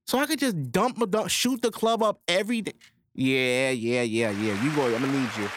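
A man's voice: high voice, lively intonation, brisk, no echo. A young man hosting a podcast, telling crude stories in casual chat and acting out quotes in a raised voice. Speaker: podcast host.

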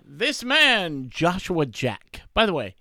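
Radio cohost telling a wacky story, chatty and amused, bright voice. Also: medium pitch, wildly swooping pitch, slow pace, no room sound, studio quality. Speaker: radio show co-host. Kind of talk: casual radio banter, telling news stories.

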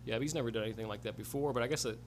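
A man's voice: mid-range voice, very fast, slight background noise. A man co-hosting a podcast, telling laid-back, swear-filled stories in casual chat. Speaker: podcast co-host.

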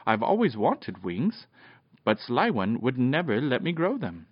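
A man doing a gentle eager goblin dog. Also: medium pitch, huge pitch swings, measured pace, breathy edge, no echo, exaggerated voice. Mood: pleased. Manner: eager and pleased. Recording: dull dry lo-fi recording.

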